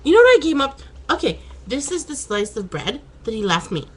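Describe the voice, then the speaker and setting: A woman's voice: high-pitched, big pitch swings, brisk, slight background noise, rough recording. A woman chatting casually in a home vlog, laughing and exclaiming as she talks. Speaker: vlogger. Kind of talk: casual chat.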